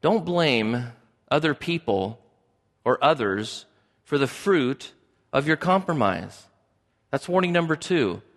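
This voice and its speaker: A man's voice: fairly high pitch, animated, takes it slowly, long pauses, big-room sound. A man preaching a sermon as pastor, emphatic and repeating key phrases for stress.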